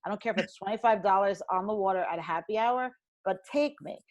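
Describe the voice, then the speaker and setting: A woman's voice: medium pitch, fast talker. A middle-aged woman, a financial professional telling a candid personal story and acting out the dialogue.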